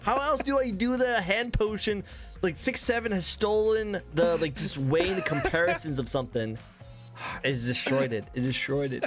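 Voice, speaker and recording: Talk show host: excitable man, fairly high voice, rambling and laughing, faint music under. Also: normal speed. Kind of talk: casual interview chat.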